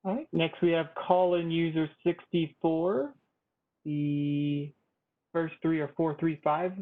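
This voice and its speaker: A man with a slightly high voice runs the public comment queue in a methodical, procedural way. His audio is thin and tinny, like a phone line. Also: flat delivery, takes it slowly. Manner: methodical, repeats caller numbers and names. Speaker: meeting moderator calling on public commenters. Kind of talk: procedural meeting announcements.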